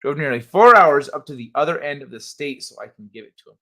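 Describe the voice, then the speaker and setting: A man's voice: a little high, animated, fast talker, sharp tone. A man hosting a livestream, chatting casually and reading viewers' messages aloud with loose, profane asides that trail off into mumbles. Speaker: livestream host.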